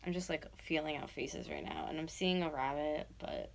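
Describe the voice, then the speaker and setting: The speaker, a YouTuber from North America in her twenties, has a low, gravelly voice and a moderate pace. She chats loosely with viewers as she sculpts, wandering off topic and occasionally whispering as she works.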